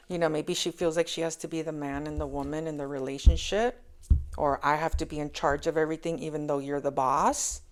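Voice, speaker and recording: A woman giving a casual spoken tarot reading, talking emphatically and repeating key phrases for weight. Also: lowish voice. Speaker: tarot reader.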